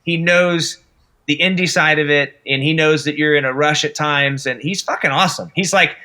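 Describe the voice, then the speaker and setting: A man's voice: fairly high pitch, normal speed, bright, forceful tone. A man guest on a podcast, a film director in casual interview chat, enthusiastic and swearing often. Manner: enthusiastic, profane, acts out quotes.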